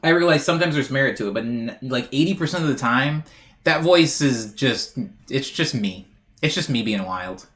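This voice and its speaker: Male music streamer, casual live chat, animated pitch, rambling and self-mocking, guitar in the background. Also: moderate pace. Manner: rambling and self-deprecating, reads chat aloud.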